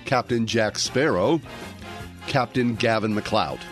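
A man co-hosting a radio show, firing off quiz prompts in a playful, quick way. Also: fairly low pitch, music in the background. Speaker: radio co-host. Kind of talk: casual radio banter.

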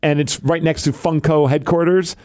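A man hosting a casual podcast who tells his wrestling stories in an animated way, laughing often and acting out quotes. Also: fairly high pitch, normal speed, no echo, clean studio sound. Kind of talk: casual chat.

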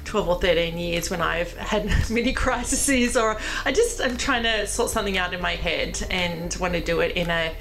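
A woman's voice: on the low side, normal speed, hardly any pauses, music in the background, low-quality recording. A woman hosting a casual interview chat, effusive and full of restarts and fillers. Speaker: podcast host.

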